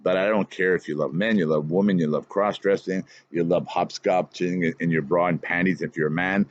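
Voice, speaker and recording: A man's voice: low-pitched, steady tone, a little fast. A middle-aged man talking in a rambling podcast monologue, often repeating and restarting his words. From Canada. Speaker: podcast host. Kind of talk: casual monologue. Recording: dull lo-fi sound.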